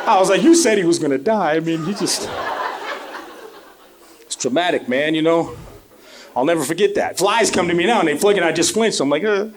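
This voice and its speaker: A middle-aged man from Colorado Springs doing a stand-up comedy set on a club stage, telling animated stories full of "you know" fillers. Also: a little high, a little fast, pauses often, noisy background. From Colorado Springs, USA. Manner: animated storytelling, lots of fillers. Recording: live club with crowd laughter.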